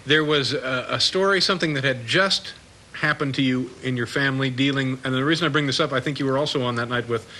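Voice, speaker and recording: A man's voice: mid-range voice, quick pace, bright, forceful tone. A man hosting a late-night talk show, asking questions and teasing his guest with dry, wry remarks. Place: TV studio with audience. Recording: faint hiss from old VHS tape.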